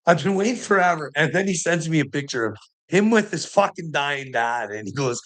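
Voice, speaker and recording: A man's voice: fairly high pitch, lively intonation, brisk, fairly bright tone. A man talking straight to camera in a rambling monologue, swearing constantly, agitated and often breaking into laughter. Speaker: vlogger.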